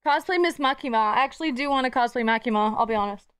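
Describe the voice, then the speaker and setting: A woman's voice: a little high, fast talker, fairly bright tone, clean tone. A woman streamer chatting casually with her live audience, bubbly and giggly and swearing freely.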